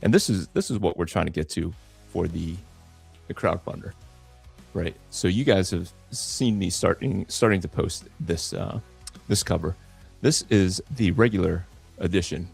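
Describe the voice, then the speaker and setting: A man's voice: low voice, normal speed, vocal fry, darkish tone, breathy edge, soft background music. A man hosting a live drawing stream from home, rambling casually with many fillers and repeated words. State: a little out of breath. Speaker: comic artist hosting a live draw stream. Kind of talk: casual livestream chat.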